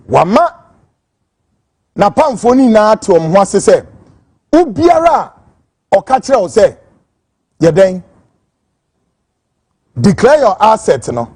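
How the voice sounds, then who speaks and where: A man's voice: high voice, darkish tone, slightly rough, dry recording. A Ghanaian man hosting a political commentary show, fiery and emphatic as he rants, switching between Twi and English. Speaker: host.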